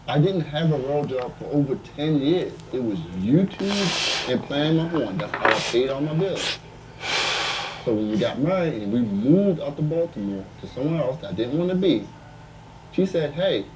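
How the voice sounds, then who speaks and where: A man's voice: medium pitch, noisy background. A man earnestly recounting arguments with his wife over his hobby and his work. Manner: aggrieved, earnest, retelling arguments. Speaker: content creator and street performer. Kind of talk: storytelling to camera.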